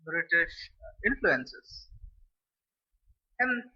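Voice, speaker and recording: A man's voice: fairly high pitch, sing-song, very slow, sharp tone, breathy edge. A man from India, chatting casually to camera as a food vlogger, rambling and restarting his phrases. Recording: dull lo-fi recording.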